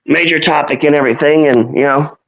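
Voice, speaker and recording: Man, co-host, rambling casual talk, a bit high-pitched, muffled lo-fi recording. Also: brisk, vocal fry. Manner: rambling, many restarts and fillers. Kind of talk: casual live-stream chat.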